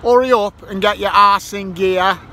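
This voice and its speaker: A man's voice: sits high, steady tone, moderate pace, pushed and bright. A man vlogging outdoors by a roundabout while he waits, grumbling, swearing and making up rhymes. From Ireland. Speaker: metal detecting vlogger. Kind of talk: casual vlog monologue. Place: outdoors by a roundabout near a petrol station. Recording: faint traffic noise outdoors. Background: passing traffic.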